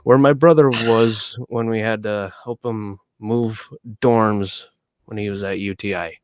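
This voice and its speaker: A man with a Minnesota accent talks casually on a live stream, dropping swear words as he goes. His voice sits low and comes across smooth and clean. The sound is dry and close. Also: fairly even intonation, measured pace, a little mellow, no room sound. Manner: plain-spoken, swears casually.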